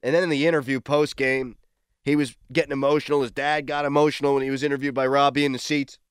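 A man hosting a morning sports talk radio show, excitable and quick to shout in disbelief. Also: mid-range voice, clean tone, dry recording, clean studio sound.

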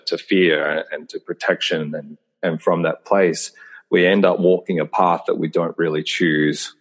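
Deep husky-voiced man, earnest and reflective. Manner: earnest, reflective, many fillers and restarts; acts out his own inner voice in quoted asides. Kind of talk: casual conversation on a call.

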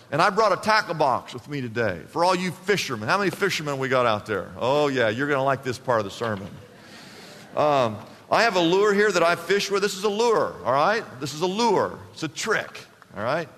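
Bright-voiced emphatic male preacher in a reverberant hall. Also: fairly high pitch, sing-song, normal speed. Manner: emphatic preaching, repeats phrases, asks the congregation. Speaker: pastor. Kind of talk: sermon. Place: church sanctuary. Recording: long reverb of a church hall.

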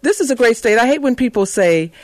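A middle-aged man speaks with passion and tells rallying stories as a political guest. His voice sits high. The sound is dry and close. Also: expressive, dry recording. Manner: passionate, rallying, rapid storytelling. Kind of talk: campaign talk on radio.

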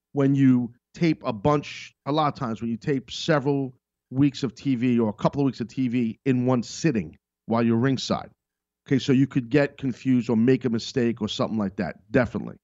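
A man's voice: medium pitch, darkish tone, no room sound. Emphatic, rambling man hosting a podcast. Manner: rambling, emphatic, self-interrupting. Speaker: podcast host and wrestling commentator. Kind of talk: casual monologue. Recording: dull lo-fi dry sound.

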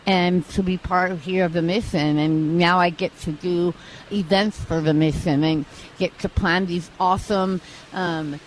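A woman with a slight lisp, telling her personal testimony as an interview guest in an earnest, halting way, with many restarts. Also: lowish voice, fairly even intonation, slight background noise, low-quality recording. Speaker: interview guest, mission staff. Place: outdoors at a live charity event.

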